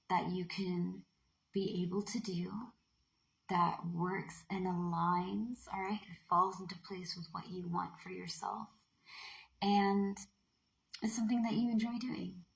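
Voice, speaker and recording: Playful chatty woman with gravelly voice. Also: medium pitch, low-quality recording. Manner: playful, chatty, with bursts of breathy half-whispering. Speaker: tarot card reader. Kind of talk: casual spoken card reading.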